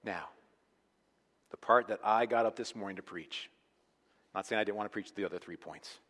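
A man preaching a sermon, earnest and emphatic, swinging between quiet, intimate lines and loud, pressing ones. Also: on the low side. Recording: long reverb of a large hall.

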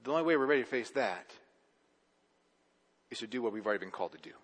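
A man's voice: medium pitch, lively intonation, fast talker, fairly bright tone, husky, in a large hall. A male pastor giving a conversational sermon, often repeating and restarting his words.

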